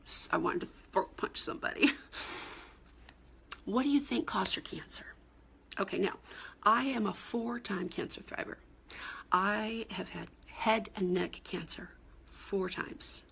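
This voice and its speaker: Middle-aged woman coach, raspy and gravelly, talks straight and blunt with flashes of exasperation. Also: mid-range voice. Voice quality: gravelly, very husky voice. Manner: blunt, exasperated, emphatic with rising outbursts. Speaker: cancer coach. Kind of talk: direct-to-camera advice talk.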